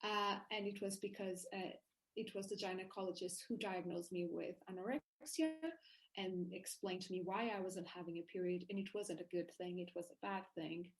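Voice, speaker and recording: A woman guest in a casual interview, recounting her own story in an animated way, often restarting her sentences. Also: fairly low pitch, moderate pace, rough recording.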